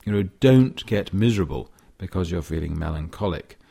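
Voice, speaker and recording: Deep-voiced man lecturing on poetry. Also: animated, gravelly, mellow. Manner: measured, thoughtful, with scholarly asides. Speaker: literature lecturer. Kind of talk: explaining and reading poetry aloud.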